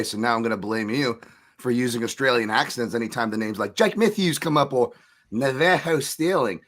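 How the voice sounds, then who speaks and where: A man's voice: medium pitch, lively intonation, fairly quick. A man co-hosts a casual roundtable and rambles through his points. He stops and restarts his sentences often. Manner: rambling, lots of fillers and restarts. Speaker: co-host.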